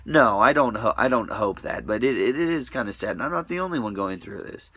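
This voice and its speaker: A man's voice: mid-range voice, animated, a little fast, a bit bright, breathy edge, no echo. A man talking to camera in a rambling, profane monologue, restless and often trailing off into mutters.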